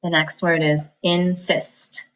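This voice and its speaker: A woman teaching a reading lesson, slowly sounding out words and syllables and pausing for the listener to repeat them. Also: on the low side, flat delivery, fairly bright tone. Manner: slow, patient enunciation of words and syllables; repeats each word for the listener to echo. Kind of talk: phonics lesson, slow and clear.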